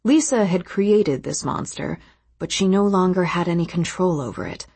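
Audiobook narrator, woman, low-pitched husky voice, steady reading. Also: moderate pace, no echo. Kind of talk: scripted narration.

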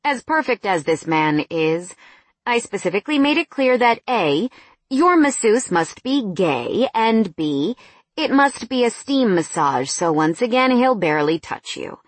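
A woman reading the part of a blunt, emphatic female friend, pitched a little higher. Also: sing-song, unhurried, no room sound.

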